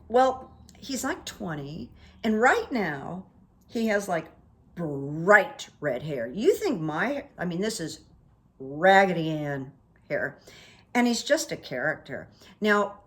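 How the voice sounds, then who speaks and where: Woman vlogger rambling through little daily stories, chatty, does the voices of people she met. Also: mid-range voice. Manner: chatty and anecdotal, acts out quoted people. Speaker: vlog host. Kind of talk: casual storytelling monologue.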